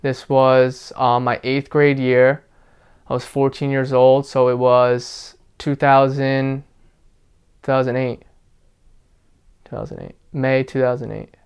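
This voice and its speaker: A young man being interviewed, recounting his experiences in a relaxed, casual way, with lots of fillers like "like". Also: medium pitch, takes it slowly, pauses often, clean tone. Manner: relaxed, filler-heavy storytelling with frequent "like". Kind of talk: casual personal account.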